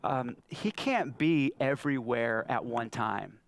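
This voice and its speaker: Taking it slowly in a creaky voice with no echo, this pastor in his thirties preaches in a church hall. He tells stories and dramatizes the quotes he repeats, his pitch jumping widely.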